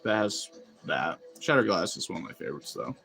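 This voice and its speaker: A man's voice: fairly low pitch, sing-song, brisk, creaky, fairly bright tone, soft background music. A man chatting casually on a live stream, rambling and laughing often as he reacts to chat. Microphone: phone.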